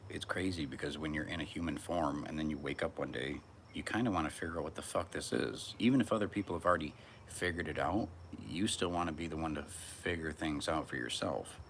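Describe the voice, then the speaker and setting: A man's voice: extremely low pitch, a little fast, slight background noise. A man in his thirties rambling through a profane, musing solo live stream outdoors on a hot day. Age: 30s. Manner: musing, profane, wandering monologue.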